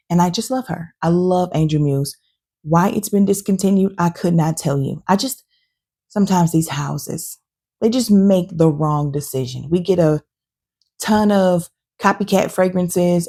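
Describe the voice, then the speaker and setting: A woman hosting her own channel, giving casual, opinionated and animated reviews of her perfume collection. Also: low-pitched, vocal fry. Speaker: fragrance reviewer and channel host. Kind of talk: casual talking-head review.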